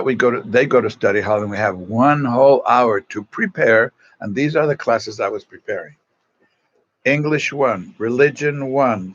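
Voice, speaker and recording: A man's voice: fairly low pitch, a bit bright, dry recording, lo-fi sound. A man from East Los Angeles, a Salesian religious brother, telling self-mocking stories and greeting viewers on a livestream from a phone propped at an angle. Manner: chatty, self-mocking, reads out viewer comments. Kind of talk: casual storytelling to online viewers.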